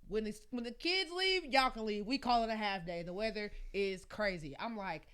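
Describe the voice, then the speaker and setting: A woman podcast co-host telling a story in animated casual chat, often laughing. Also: medium pitch, normal speed, clear, resonant tone.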